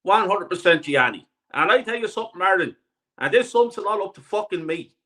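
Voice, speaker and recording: High, bright male caller, swings all over, swears freely, fired up. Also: a little fast. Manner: animated, profane storytelling. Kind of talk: heated call-in chat.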